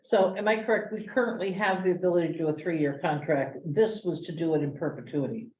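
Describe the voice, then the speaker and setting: A woman's voice: lowish voice, brisk, darkish tone. A woman at a town meeting asking questions to check the facts. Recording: echoey room, distant mic, dull sound.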